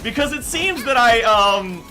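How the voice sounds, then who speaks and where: A man's voice: very high voice, lively intonation, measured pace. A young man streaming a game, chatting casually and going off on tangents, full of "like" and "um". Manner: rambling, tangent-prone, heavy use of "like" and "um". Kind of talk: casual chat while gaming.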